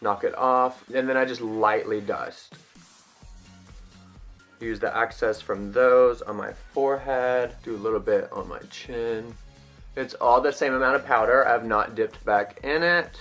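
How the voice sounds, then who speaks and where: A man's voice: mid-range voice, a little slow, a bit bright, soft background music. A young man chatting through a makeup tutorial in a casual, self-mocking way. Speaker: vlogger.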